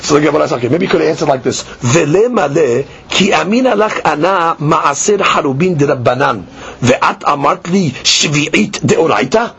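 High-pitched man, Talmud class teacher, animated debater, muffled lo-fi sound. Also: moderate pace, gravelly, few pauses. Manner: animated, acts out both sides of the argument. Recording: dull lo-fi recording.

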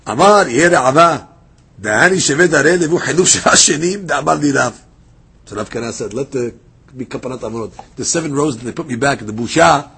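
A man teaching a daily Talmud class, reading passages aloud and retelling them as a lively story. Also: a little high, vocal fry, slightly rough. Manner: lively storytelling, reads Aramaic then explains in English.

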